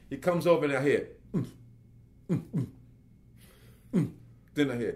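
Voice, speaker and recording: A man's voice: normal speed, pauses often. A man, a working actor, telling an anecdote as a guest and acting out the voices of the people in it. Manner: lively, acts out quotes with big pitch jumps. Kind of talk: animated storytelling.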